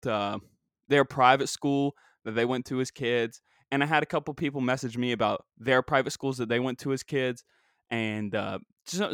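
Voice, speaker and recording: A man hosting a casual solo podcast from home, ranting in an animated, exasperated way. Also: medium pitch, clear, resonant tone, no echo, studio quality. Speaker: podcast host. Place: at home, dog nearby.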